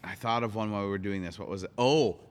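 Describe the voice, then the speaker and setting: A man as a podcast guest, eagerly chiming in with quick reactions and questions. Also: on the low side, long reverb tail. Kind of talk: casual chat. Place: studio.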